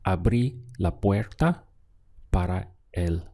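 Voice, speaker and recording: Slow, gravelly male language teacher. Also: sits low, lively intonation, dark tone. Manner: slow, patient, deliberate drilling with repeated words. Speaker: Spanish teacher. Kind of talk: language lesson with drills.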